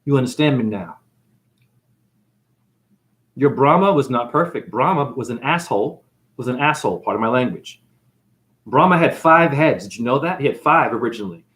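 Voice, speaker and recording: A man giving a freewheeling, jokey spiritual monologue, shouting catchphrases and acting out characters. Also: medium pitch, expressive, normal speed, pauses often. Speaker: spiritual talk host.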